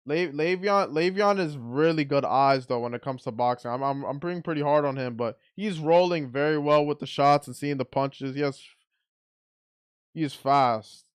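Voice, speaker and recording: Smooth-voiced man calling a fight live. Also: on the high side, normal speed. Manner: excitable, blunt play-by-play with frequent restarts. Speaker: watch party commentator.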